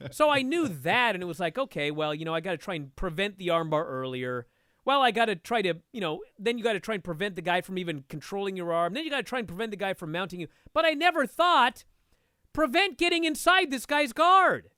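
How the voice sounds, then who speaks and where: A man talking as a guest and instructor, telling a story in a casual, animated way and swearing freely. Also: sits high, quick pace, smooth, no echo, clean studio sound. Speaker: podcast guest, martial arts instructor.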